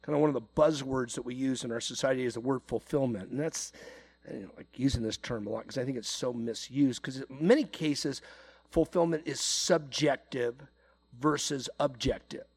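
A man's voice: medium pitch, normal speed, breathy edge. A middle-aged man preaching a sermon to his congregation in a loose, conversational way, often repeating words and saying "you know". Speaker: pastor.

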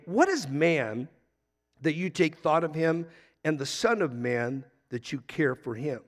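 Preaching pastor in a reverberant sanctuary. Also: male voice, fairly high pitch, fairly bright tone. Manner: preaching with rising emphasis and slowed, drawn-out scripture readings. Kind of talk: sermon. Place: church sanctuary. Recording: long church reverb.

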